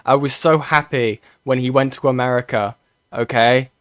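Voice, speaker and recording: A young British man reacts to videos on a stream in loose, rambling talk, swearing freely and tripping over his own restarts. His voice sits at an ordinary middle pitch. The sound is dry and close, with no room around it. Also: fairly even intonation, moderate pace, clean tone, no echo. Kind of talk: casual reaction commentary.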